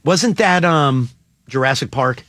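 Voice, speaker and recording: A man hosting morning radio, playful and animated, laughing often through studio banter. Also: medium pitch, a little slow, no echo. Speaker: radio host.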